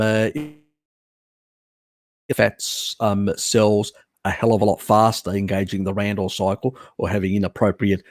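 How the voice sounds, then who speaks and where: A man hosts a live stream, fielding viewer questions in an unscripted Q&A. His voice is on the low side and a little mellow, with studio-quality audio and no room sound; he's blunt, casual, swears, and rambles with many fillers and restarts.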